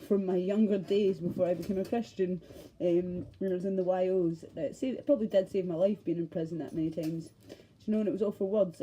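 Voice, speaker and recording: Glaswegian woman vlogger with a mellow, husky voice; passionate, sweary rambling rant. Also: on the low side, lo-fi sound. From Scotland. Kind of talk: ranting monologue.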